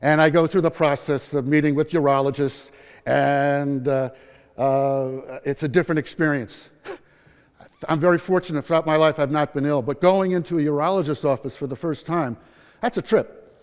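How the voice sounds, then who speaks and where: A man in his sixties tells his own story to a conference audience, keeping it upbeat and funny. His voice sits a little high for a man. The hall around him rings with a long reverb. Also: steady tone, normal speed, smooth. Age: 60s. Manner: upbeat, humorous storyteller, acts out quotes. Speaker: patient speaker at a nursing conference. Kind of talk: personal story talk to a live audience.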